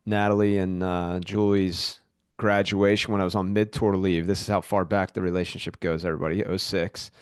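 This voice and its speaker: Deep, smooth-voiced male podcast host. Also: level tone, no echo, studio quality. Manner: halting, with restarts. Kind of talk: podcast interview.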